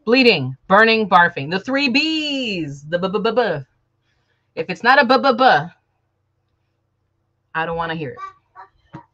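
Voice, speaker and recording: A woman's voice: mid-range voice, sing-song, slow pace, pauses often, pushed and bright, lo-fi sound. A woman from Chicago, chatting casually and joking with viewers on a live stream while working on a sewing project at home. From Chicago, USA. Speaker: sewing vlogger.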